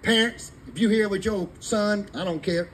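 A man's voice: high voice, moderate pace, a bit bright, a little hiss or hum, low-quality recording. A man, preaching fervently in a sermon to a live congregation. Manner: fervent preaching in Southern vernacular. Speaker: pastor.

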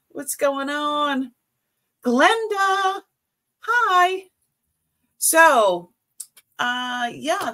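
A woman's voice: a little high, sharp tone. A middle-aged woman with a Boston accent hosting a live jewelry sale, chatting casually and a bit scattered, trailing off and greeting viewers by name. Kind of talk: casual live-stream chat.

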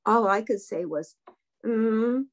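A woman reading a children's story aloud for a book club, gently voicing the characters' lines. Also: mid-range voice, animated, normal speed, vocal fry, slightly rough, muffled recording. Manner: gently voices the characters' dialogue.

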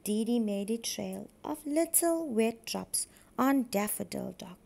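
A preschool teacher, a woman, reading a storybook aloud to young children in a slow, clear and careful way. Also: a little high, animated, a little mellow.

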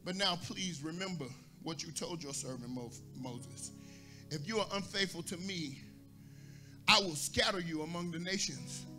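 A man's voice: fairly high pitch, moderate pace, music in the background. A man pastor preaching a sermon, asking the congregation for responses and rising into a sung cadence.

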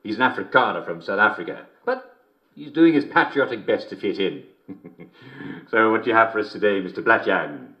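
A man's voice: fairly low pitch, animated, moderate pace, highs cut off, close to an everyday voice. An actor playing a jovial, middle-aged English TV host who chuckles between lines with a smarmy showman delivery, in a scripted game broadcast. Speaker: TV and radio host.

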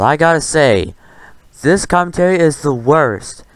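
A man's voice: on the high side, expressive, a little slow, no room sound. A man hosting a reaction commentary, talking back at a clip in a defiant, retorting rant. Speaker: commentary host.

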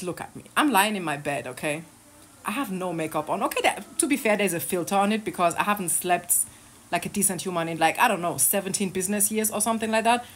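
A woman's voice: medium pitch, a little hiss or hum. A woman in her thirties ranting casually to camera from her bed, sarcastic and heated, swearing and laughing between jabs. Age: 30s. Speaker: online creator. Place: lying in her bed at home.

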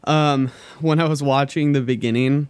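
A man's voice: mid-range voice, fairly even intonation, moderate pace, a little mellow, smooth, no echo. A young man co-hosting a casual podcast, speaking bluntly with swearing and laughter. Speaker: podcast co-host. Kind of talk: casual chat.

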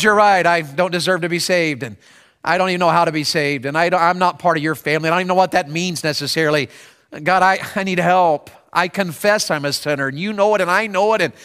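Male pastor, high bright voice, emphatic sermon in an echoey hall. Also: smooth. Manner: emphatic, acts out prayers in a raised voice. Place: large church sanctuary.

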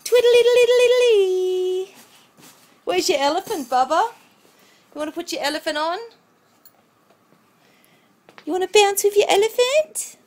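High-pitched, sing-song mother cooing. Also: expressive, normal speed, long pauses. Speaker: mother filming her toddler. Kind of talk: playful baby talk to a child. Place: at home indoors. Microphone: phone camera.

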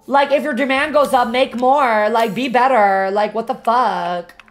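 A woman streaming a video game, talking to her chat in an expressive, dramatic way and swearing freely. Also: fairly high pitch, unhurried. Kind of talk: casual gaming livestream chat. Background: faint game music.

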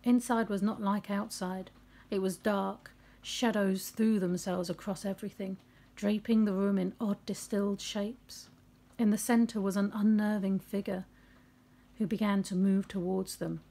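A woman's voice: medium pitch, steady tone, unhurried, vocal fry, mellow. A middle-aged woman reading aloud a story she wrote and breaking off for chatty asides, recorded in her home office.

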